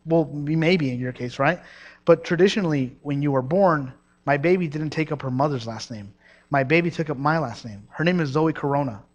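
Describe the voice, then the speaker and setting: A young man from Mexico preaching a sermon, energetic and storytelling, with restarts and asides to the congregation. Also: on the high side, moderate pace.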